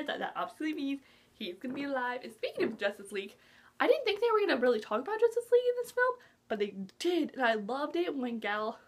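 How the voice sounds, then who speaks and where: Chatty, slightly high-voiced woman vlogger. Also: fairly quick. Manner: excitable, gasping, drops into whispers; chatty with many "like" fillers. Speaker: movie vlogger. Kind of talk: casual movie review chat.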